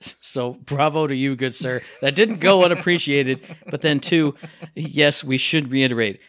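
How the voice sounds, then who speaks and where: A man's voice: on the high side, normal speed, fairly bright tone, no room sound, studio quality. A man from Michigan co-hosting a podcast, chatting casually with playful, mock-outraged teasing. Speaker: podcast co-host. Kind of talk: casual chat.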